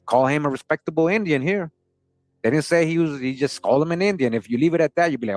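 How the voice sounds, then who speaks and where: A man's voice: fairly high pitch, fast, dry recording. A man hosting a history channel, casually talking through old sources and often asking his viewers "right?". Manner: conversational, keeps asking "right?", chuckles often.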